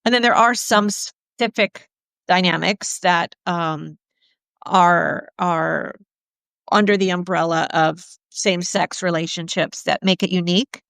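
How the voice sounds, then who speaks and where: Woman therapist, middle-aged, candid storyteller, smooth clear voice, dry close sound. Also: fairly low pitch, measured pace, dry recording. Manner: candid, animated storyteller acting out quotes. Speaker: sex therapist. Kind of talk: conversational storytelling.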